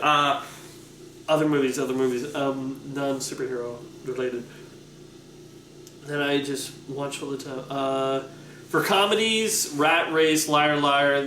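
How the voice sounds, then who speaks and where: A young man telling stories in a casual chat, animated and full of restarts. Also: measured pace, slight background noise. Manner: animated storytelling, excited rising pitch, many restarts. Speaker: vlogger answering viewer questions. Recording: echoey room with faint ambience.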